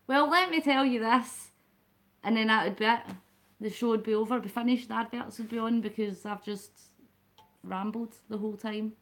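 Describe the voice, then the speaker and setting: A woman's voice: on the high side, level tone, a little fast. A Scottish woman hosting a late-night live stream, talking casually and at length to her viewers and greeting them by name. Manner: rambling and chatty, talks to the chat by name.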